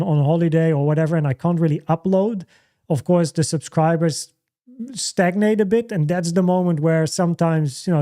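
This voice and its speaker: The voice is a man's, fairly high in pitch and warm in tone, belonging to a livestream host chatting casually from home and answering questions. He speaks haltingly, with many fillers, restarts and repeated words.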